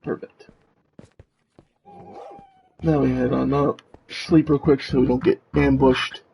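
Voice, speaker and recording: A man's voice: medium pitch, level tone, takes it slowly, gravelly, warm tone, slight background noise. A male streamer speaking through a demon robot voice changer, chatting to his viewers as he narrates building in a game, with his mic set back from his face. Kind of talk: live gameplay commentary. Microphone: mic pulled back from face.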